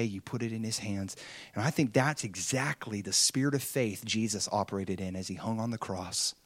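A man's voice: mid-range voice, breathy edge, dry recording. A man preaching an earnest, conversational sermon, retelling a story and acting out the quotes.

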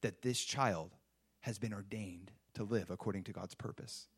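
A man's voice: lowish voice, normal speed, breathy edge. A man preaching a sermon, emphatic and full of rhetorical questions. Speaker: pastor.

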